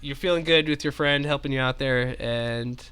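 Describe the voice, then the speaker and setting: A man, narrating a tabletop game as game master in a relaxed, chatty way. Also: mid-range voice, normal speed, slight background noise.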